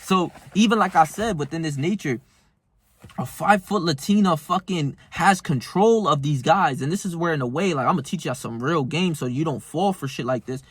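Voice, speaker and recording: A man's voice: a little high, normal speed, breathy edge, no echo. A young man telling stories in a casual, heated monologue, full of slang and cursing. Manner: profane, slangy, heated storytelling. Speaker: self-improvement vlogger.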